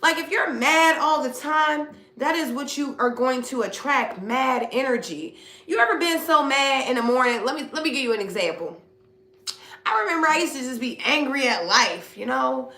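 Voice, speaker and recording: Blunt, bright-voiced woman giving a spiritual reading. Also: sits high, expressive, moderate pace, reverberant. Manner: blunt, preachy, uses slang and swears. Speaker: spiritual reader. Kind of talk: casual spiritual reading to viewers.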